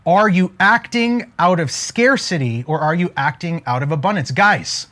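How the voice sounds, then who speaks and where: A man around forty giving an energetic motivational talk, throwing rhetorical questions at his listeners. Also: high-pitched. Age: 40s. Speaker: motivational speaker.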